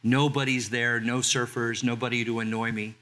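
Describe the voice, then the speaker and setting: A man in his sixties from Southern California, a pastor preaching a sermon in a conversational way and slowing down to read scripture. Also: medium pitch, little pitch movement, sharp tone. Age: 60s. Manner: conversational, reads scripture slowly.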